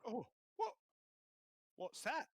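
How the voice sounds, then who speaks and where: A fat, chummy fellow who stammers through greetings in a silly put-on accent, as a game master voices him. The voice sits far higher than a normal man's speaking voice and swings about in a lively way. It sounds dry and close, with no room echo. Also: extremely slow, heavily acted. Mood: surprised. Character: fat man named Les, chummy and easily startled.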